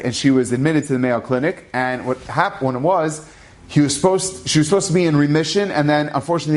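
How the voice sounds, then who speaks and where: A rabbi retelling an inspirational story in a lively way, acting out the dialogue. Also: male voice, medium pitch. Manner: animated, acts out dialogue.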